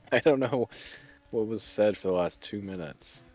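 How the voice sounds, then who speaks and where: Low-voiced chill dude on a podcast call, mostly just agreeing, faint music in the back. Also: male voice, slow pace, a little mellow. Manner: laid-back, short agreeing replies. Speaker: podcast co-host. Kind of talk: casual chat. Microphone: video call.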